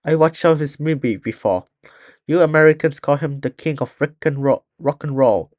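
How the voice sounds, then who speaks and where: A man's voice: on the high side, moderate pace, a little mellow, dry recording, clean studio sound, lightly acted. A man voicing a Japanese man who speaks in a stiff, forced Elvis-style American drawl. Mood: forced polite.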